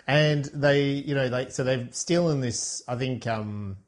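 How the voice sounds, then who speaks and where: A man's voice: mid-range voice, a little slow. Chatty man recapping a film. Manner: rambling, self-correcting, recounts scenes with quoted lines. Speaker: podcast co-host reviewing a film. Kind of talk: casual chat.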